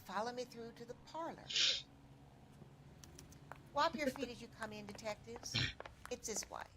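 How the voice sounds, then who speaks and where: A woman's voice: on the high side, normal speed, noisy background, natural voice. An actress playing a prim, fussy landlady. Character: prim middle-aged female landlady, fussy and proper. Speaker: boarding house owner. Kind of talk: video game dialogue.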